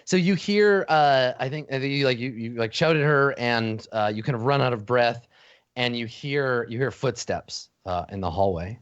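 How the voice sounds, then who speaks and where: A man narrating a tabletop game as game master, halting, with many fillers and restarts. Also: mid-range voice, clear, resonant tone, no echo. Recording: dull lo-fi dry audio.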